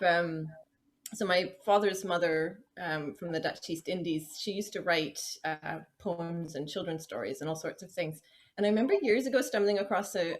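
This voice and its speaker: A woman from Vancouver with a Canadian accent softened by a slight English tinge, speaking as an interview guest in a reflective, candid way with frequent ums. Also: fairly low pitch. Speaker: guest, musician and music therapist. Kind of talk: conversational interview.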